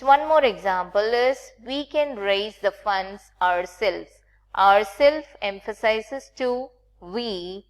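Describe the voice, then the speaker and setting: A woman teaching a recorded grammar lesson with Indian English phrasing, patient and checking in often with the class. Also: mid-range voice.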